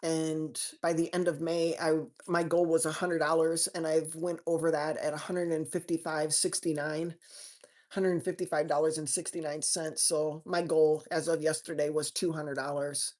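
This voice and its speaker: A woman's voice: low voice, level tone, normal speed, a little mellow. A woman doctor hosting a live question-and-answer stream, talking to viewers in a chatty, folksy way with homey slang and frequent restarts.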